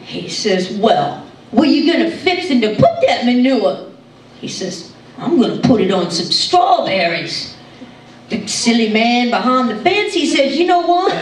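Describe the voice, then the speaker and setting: A woman's voice: very animated, unhurried. A woman playing a folksy, giggly country comedienne, telling jokes in a live stand-up monologue on stage. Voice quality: high, bubbly voice with frequent giggles. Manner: chatty, gossipy country storytelling. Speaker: tribute comedian. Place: stage show in a hall. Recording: echoey hall, mic from far off.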